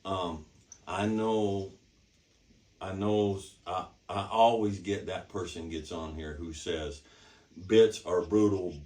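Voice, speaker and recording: A man with a fairly low voice gives a hands-on teaching demonstration. He drives his points home by repeating himself and checking in with "okay?". His voice is picked up from some way off the mic. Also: fairly even intonation, slow, darkish tone. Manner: emphatic, repetitive, checks in with "okay?". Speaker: horsemanship instructor. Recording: distant mic.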